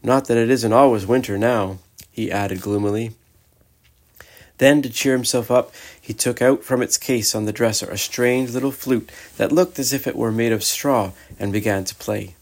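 A man's voice: medium pitch, normal speed. Man reading a storybook aloud. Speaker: narrator.

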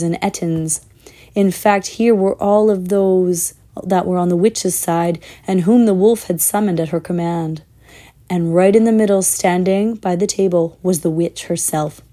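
A woman reading a children's fantasy book aloud in a measured, expressive way, with the odd slip. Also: on the low side. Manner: measured, expressive, with small slips. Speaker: storyteller.

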